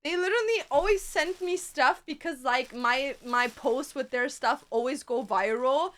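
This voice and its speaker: A young woman streamer chatting casually and excitably to her viewers, slangy and quick to laugh. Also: high voice.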